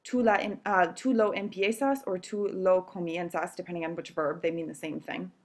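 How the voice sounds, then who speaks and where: A woman's voice: fairly low pitch, fairly even intonation, normal speed. A woman teacher explaining grammar rules step by step in a recorded video lesson, patient and checking in with "okay?" often. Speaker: Spanish teacher.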